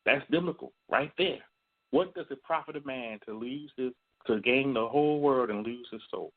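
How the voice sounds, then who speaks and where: A man's voice: mid-range voice, normal speed. A man calling in to tell a personal confession, blunt and profane, acting out what others said. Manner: blunt, profane storytelling, acts out quoted voices. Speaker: caller. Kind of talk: call-in confession. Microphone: phone. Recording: tinny phone line.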